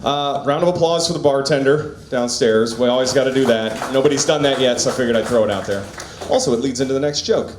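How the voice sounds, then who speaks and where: A man's voice: medium pitch, fast, few pauses, noisy background. A man doing an open-mic stand-up set in a small bar, loose and casual, laughing at his own jokes, on a handheld mic. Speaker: stand-up comic. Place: small comedy bar stage. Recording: echoey bar room.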